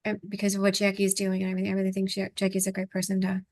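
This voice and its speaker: A woman, an energy clearing coach, leads a group video call, encouragingly guiding participants with breathing cues and affirmations in a coaching session. Her mid-range voice is monotone and darkish, and she speaks at a racing pace.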